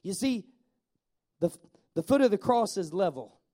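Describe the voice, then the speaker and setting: Male pastor, high mellow voice, animated storytelling sermon. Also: measured pace.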